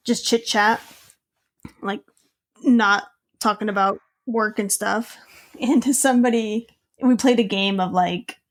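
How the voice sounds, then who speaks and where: A woman co-hosting a podcast, telling a story in casual chat, giggly and animated, full of "like" and "um". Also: mid-range voice, gravelly. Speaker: podcast co-host.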